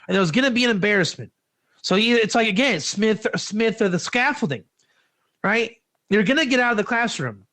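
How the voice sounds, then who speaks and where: A man giving an informal religious teaching, conversational and animated, with rhetorical questions. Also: high voice. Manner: animated, acts out quoted dialogue. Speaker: teacher of Proverbs.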